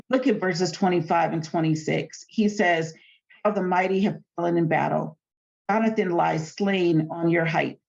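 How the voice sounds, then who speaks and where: A woman's voice: low-pitched, creaky, a little mellow, lo-fi sound. A woman hosting a casual Bible study, reading scripture aloud and retelling it in chatty, everyday terms.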